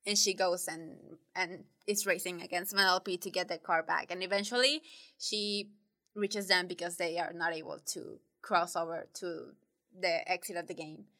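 Bright-voiced woman recapping a movie. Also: lowish voice, fairly even intonation, moderate pace. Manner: rambling, giggly retelling with quoted character voices. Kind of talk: casual chat, retelling a movie plot.

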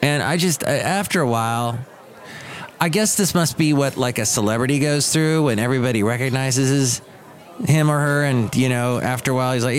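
A man hosting his own podcast, talking in a rambling, wry and self-deprecating way, now and then slipping into quick silly voices. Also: medium pitch. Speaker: podcast host. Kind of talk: rambling solo podcast monologue. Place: Bay Area.

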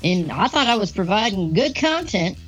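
A woman's voice: mid-range voice, sing-song, moderate pace, a bit bright. A woman co-hosting a casual podcast, sounding defensive and exasperated.

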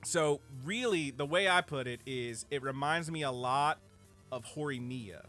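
Animated, profane man reviewing anime. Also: medium pitch, a little slow, faint music behind. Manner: animated, profane, filler-heavy. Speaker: podcast co-host. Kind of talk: casual anime review chat.

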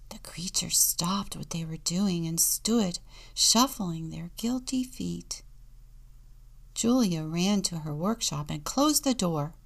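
A woman's voice: on the low side, creaky. A woman deacon reading a children's picture book aloud, dropping into whispers for suspense and acting out the sound words.

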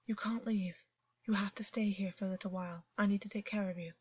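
A woman voicing a troubled fey man who speaks quietly and measuredly, sometimes near a whisper, in a dull dry recording. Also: medium pitch, fairly even intonation, fast, husky, no room sound, close to an everyday voice. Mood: soothing. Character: troubled fey man, commanding yet tender.

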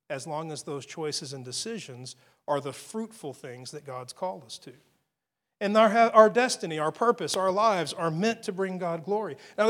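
A man preaching a sermon as pastor, in a conversational way with frequent fillers and repeated phrases. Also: on the high side.

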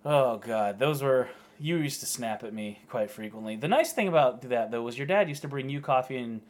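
A man co-hosting a podcast in casual chat, talking in halting bursts with frequent restarts. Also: medium pitch, lively intonation. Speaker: podcast co-host.

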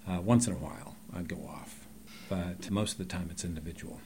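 A low-pitched man who teaches acting, speaking in a relaxed podcast chat. He rambles easily and leans hard on certain words now and then, over a faint hiss. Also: fairly quick. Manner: chatty and rambling, with emphatic bursts.

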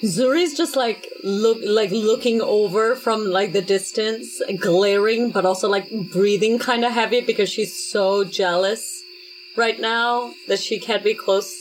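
Brief: woman player, rambling with lots of fillers, mid-pitched. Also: measured pace, slight background noise, low-quality recording. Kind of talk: casual play at a tabletop game.

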